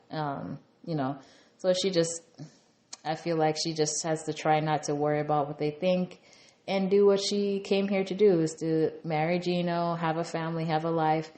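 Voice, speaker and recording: A woman with a lowish voice chats her way through a reality show recap. She rambles and leans on fillers as she goes, speaking casually rather than from a script. The recording carries a noticeable room echo. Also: dark tone. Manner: chatty, rambling with many "you know" fillers. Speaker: TV recap reviewer.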